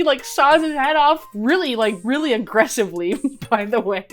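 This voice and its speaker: A young woman giving a comedic movie recap, animated and laughing often, swearing as she acts out the characters. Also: a little high, normal speed, hardly any pauses, faint music behind. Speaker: commentary host.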